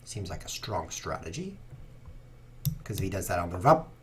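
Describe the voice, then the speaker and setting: A man hosts a chess livestream, rambling casually at his computer with playful sarcasm as he plays. His voice sits low and has a sing-song lilt, moving at a moderate pace over some background noise.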